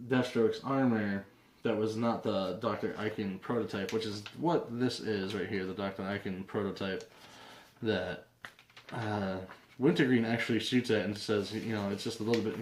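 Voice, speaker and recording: A young man hosting a casual comic book review vlog, rambling with lots of fillers and restarts. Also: fairly low pitch. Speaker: comic book video host. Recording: roomy echo.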